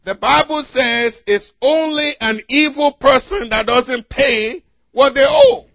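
A man preaching a sermon to a congregation, asking them to fill in the words and swinging between loud exhortation and quiet asides. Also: very high-pitched, sing-song, slow pace, no room sound. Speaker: pastor.

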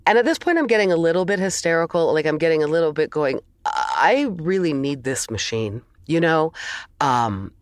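A woman talks through a frustrating story in casual conversation, sighing and swearing now and then. Her pitch swings widely as she tells it. The sound is dry and close, with no room around her. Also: fast talker, no room sound. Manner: animated, exasperated storytelling with swearing and sighs. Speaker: co-host telling a story. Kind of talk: casual chat.

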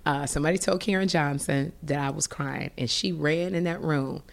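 Low-voiced woman telling an animated story. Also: moderate pace, creaky. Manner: animated, emotional, with frequent restarts. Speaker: guest. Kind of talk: personal storytelling in an interview.

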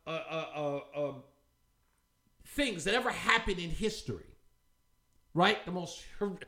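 A man hosts a commentary show and rants with heat and scorn. His voice sits high and swings widely in pitch. It has a bright, sharp edge. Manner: heated, confrontational, scornful. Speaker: talk show host. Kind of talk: ranting commentary.

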